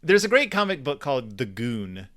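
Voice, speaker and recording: A man's voice: medium pitch, sing-song, moderate pace, a bit bright. A man co-hosting a casual book discussion podcast, thinking aloud with plenty of fillers and restarts. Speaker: podcast co-host.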